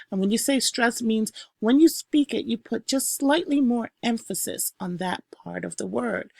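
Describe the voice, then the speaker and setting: Woman, teacher, slow explaining pace, dry close sound, stresses each new term. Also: medium pitch, no echo. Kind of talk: recorded classroom lesson.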